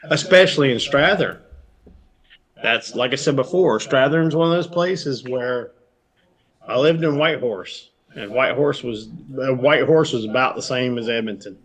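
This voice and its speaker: Middle-aged Southern US man, animated yarn-spinner, salty language, remote call. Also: mid-range voice, normal speed. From Georgia, US. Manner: animated storyteller, swears freely, jumps between topics. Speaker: guest. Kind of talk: casual chat.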